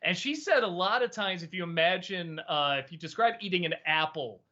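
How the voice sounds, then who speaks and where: A man's voice: sits high, expressive, fairly quick, bright, forceful tone, muffled recording. A man hosting a casual livestream Q&A, rambling and hesitant with lots of fillers. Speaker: host.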